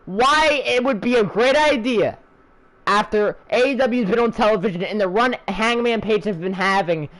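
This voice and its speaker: High-voiced man ranting profanely. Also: normal speed, fairly bright tone, low-quality recording. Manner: angry, profane, sarcastic, heated. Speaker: channel host ranting. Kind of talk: profane wrestling rant.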